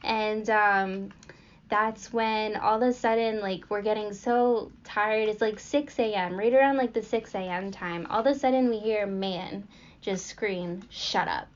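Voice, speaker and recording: This podcast host is a young woman whose medium-pitched, steady voice moves at an unhurried pace. She tells her story in a loose, rambling way, giggling and using lots of fillers, and the audio has a dull lo-fi quality.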